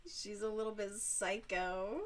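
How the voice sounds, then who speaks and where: A woman streamer chatting casually while she crochets, giggly, youthful-sounding and quick to swear. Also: medium pitch, little pitch movement.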